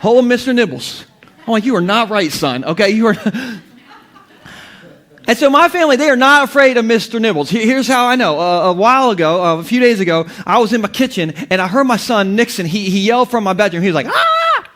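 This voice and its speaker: A man in his thirties delivers a sermon full of jokes and funny stories. His voice sits unusually high for a man. He laughs often as he preaches from the pulpit. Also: brisk, a bit bright. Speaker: pastor. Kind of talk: humorous sermon.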